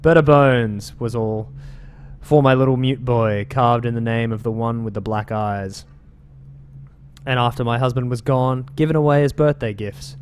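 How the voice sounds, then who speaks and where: A man reading the words of an old woman rambling about carved bones, in an unhurried, creepy way, reading game lore aloud. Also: medium pitch, fairly even intonation, darkish tone, a little hiss or hum, close to an everyday voice. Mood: eerie.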